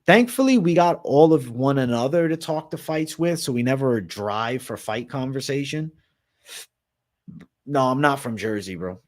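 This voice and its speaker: A man's voice: medium pitch, animated, normal speed. A man from Massachusetts with a Boston accent, hosting a casual livestream, reading chat aloud and answering it with lots of swearing and "bro". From Massachusetts, raised in Florida. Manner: swears freely, reads and answers chat, says bro a lot. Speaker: livestream host.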